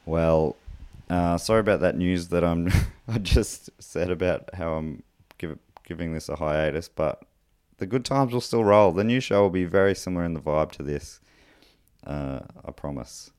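A podcast host and comedian with a low, clear, resonant voice and a darkish tone chats casually at normal speed, reading listener mail. His talk is loose and rambling, full of fillers and restarts, and the studio-quality audio has no echo.

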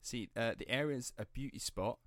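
A man's voice: mid-range voice, normal speed, a bit bright, no room sound, clean studio sound. A young man hosting a casual true-crime podcast, chatty and rambling, swearing and laughing easily as he tells the story. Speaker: podcast host telling the story.

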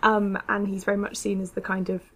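A woman's voice: mid-range voice, little pitch movement, a little fast, a bit bright, husky. A woman co-hosting a podcast, chatting casually with plenty of fillers and hedges. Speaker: podcast co-host. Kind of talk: casual chat.

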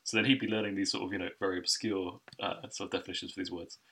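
A man hosting a casual podcast chat, rattling off stories at breakneck speed. His low voice has a bright, forceful edge. He sits a bit back from the mic. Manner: rapid, animated storytelling with laughs. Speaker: podcast host. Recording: distant from the mic.

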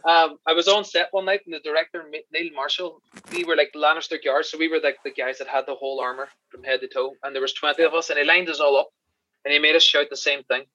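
Fast-talking Irish man telling stories. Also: fairly high pitch, muffled recording, slight background noise. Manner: animated, swearing, laughing storyteller. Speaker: podcast guest, special effects crew member. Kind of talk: casual storytelling chat.

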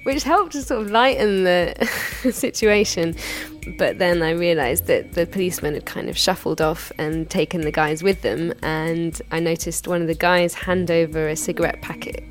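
A woman's voice: deep voice, steady tone, moderate pace, soft background music. A woman in her thirties telling a personal anecdote in a candid, chatty way. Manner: candid, chatty retelling with frequent hedges. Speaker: storyteller.

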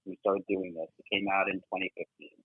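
Husky new guy telling stories, swears a lot, tinny phone sound, dry. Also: low-pitched, level tone, fast, no echo. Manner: casual, swears, many fillers. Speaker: guest, former double agent. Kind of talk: animated storytelling.

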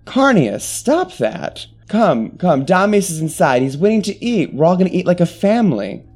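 A brisk, bossy mother in a tabletop game, as a man puts her on in a raised, falsetto-leaning voice. She scolds and hurries her child along. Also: very animated, a little mellow, slightly rough, soft background music, heavily acted. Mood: scolding.

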